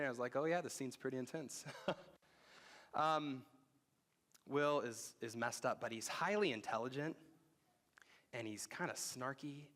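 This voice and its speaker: A man preaching a sermon as pastor, talking conversationally and dropping to a hushed voice for emphasis. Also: medium pitch. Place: church sanctuary.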